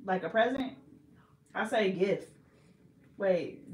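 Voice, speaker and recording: A woman from the Bay Area chats casually for her vlog, playful and giggly, often doubting herself. Her mid-pitched voice rings in an echoey room. A faint hiss sits under the recording. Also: moderate pace. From Bay Area, California. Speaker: vlogger. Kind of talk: casual chat.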